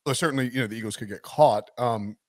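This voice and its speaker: A man's voice: medium pitch, fast talker, no room sound, clean studio sound. A man hosting a casual sports podcast, thinking aloud in a jokey, rambling way. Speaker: podcast host.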